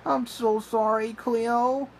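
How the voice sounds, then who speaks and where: A man voicing an eager little boy in a homemade storybook reading, with a high, excitable, whiny voice. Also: unhurried, a little hiss or hum. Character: eager little boy who loves toy ducks.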